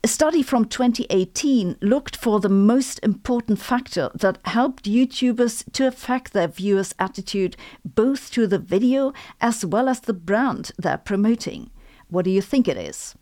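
A woman with a German accent delivers a scripted explainer like an impromptu lecture. Her voice sits at an ordinary middle pitch, and she slips dry, sarcastic jokes in between her points. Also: animated, measured pace, dark tone. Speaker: physicist and video host. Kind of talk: scripted educational monologue.

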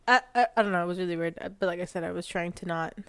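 A woman's voice: on the low side, racing, fairly bright tone, clear, resonant tone. A young woman co-hosting a podcast, rambling in casual chat with lots of fillers and restarts. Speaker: podcast co-host.

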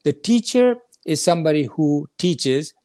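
A man's voice: fairly high pitch, animated, measured pace, warm tone, dry recording. Earnest man explaining scripture, dry sound. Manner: explanatory, earnest, repeats key points. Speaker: scripture teacher. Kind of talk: conversational scripture lesson.

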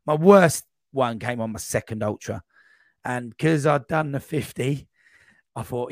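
A man speaks at an ordinary middle pitch, recounting a race story in loose, rambling fashion and slipping into quoted voices as he goes. The recording is close and dry, with no room sound. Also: moderate pace, no echo. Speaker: podcast guest. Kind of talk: casual storytelling.

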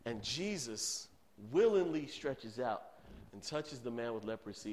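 Casting: man in his thirties, youth pastor at the pulpit, earnest storyteller, loud then hushed. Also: medium pitch, lively intonation, normal speed, slight background noise. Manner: earnest storytelling, swinging between loud emphasis and hushed tones. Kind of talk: sermon.

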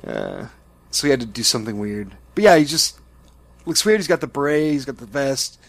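A man's voice: medium pitch, sing-song, brisk, creaky, dry recording. A man co-hosting a podcast, chatting casually about a movie and laughing often. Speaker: podcast co-host. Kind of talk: casual movie-review chat.

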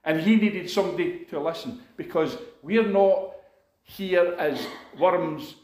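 A man's voice: high-pitched, unhurried, a little mellow. A man preaching a sermon, telling a personal story in an earnest, conversational way full of asides. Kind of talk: sermon testimony. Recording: echoey room.

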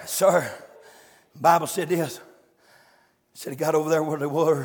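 A male preacher, shouting and chanting a fiery revival sermon in a church, with calls to the congregation. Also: on the high side, fairly even intonation, moderate pace, pauses often. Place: church sanctuary. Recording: echoey sanctuary with long reverb.

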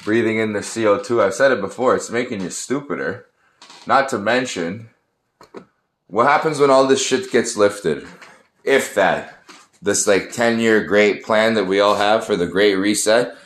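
A man in his thirties ranting casually in a profane, rambling, sarcastic way. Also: fairly low pitch. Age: 30s. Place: room in an apartment complex. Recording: echoey room.

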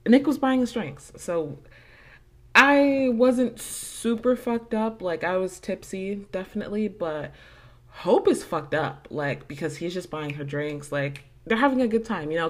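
Chatty young woman telling a story. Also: fairly low pitch. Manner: chatty, swears often, lots of "like" and "um" fillers. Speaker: podcast host. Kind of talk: casual storytelling.

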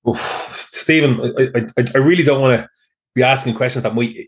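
A man's voice: medium pitch, normal speed. A man hosting an interview who asks his questions hesitantly and apologetically. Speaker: podcast host.

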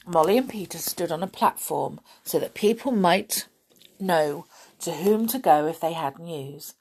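A woman reading a children's story aloud in an expressive, unhurried way. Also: fairly low pitch, husky.

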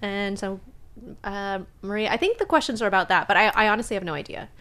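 A woman co-hosting a podcast in casual chat, chatty and quick to laugh. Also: medium pitch, lively intonation, a bit bright. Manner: chatty, laughs easily, frequent "like" fillers. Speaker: podcast co-host.

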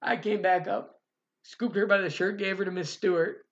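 Young male podcast co-host, casual and animated, swears freely, acts out quotes; slightly raised pitch, muffled recording. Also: moderate pace. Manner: profane, animated storytelling with acted-out quotes. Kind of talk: casual storytelling chat.

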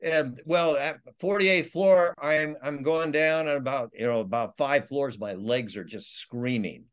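In this storytelling interview, the guest is an author recounting survival tales, wandering and restarting often. He speaks at a medium pitch, at a measured, smooth pace.

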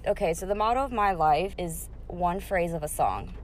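A woman's voice: fairly low pitch, normal speed, very noisy. Woman, 30s, podcast host, profane, candid storyteller. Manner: blunt, profane, storytelling with quoted voices. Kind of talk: casual solo podcast monologue.

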